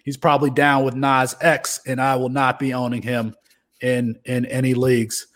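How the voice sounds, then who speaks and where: A man's voice: medium pitch, flat delivery, moderate pace, fairly bright tone. A man co-hosting a fantasy football podcast, arguing a case in mock-formal style and then chatting casually. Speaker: podcast co-host. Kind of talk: casual sports podcast chat with mock courtroom bits.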